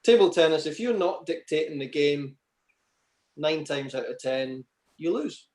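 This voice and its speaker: A man's voice: fairly high pitch, expressive, measured pace, darkish tone. A man answering interview questions and telling long, chatty anecdotes, with many "you know" asides. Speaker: interview guest, table tennis player. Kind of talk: casual storytelling interview.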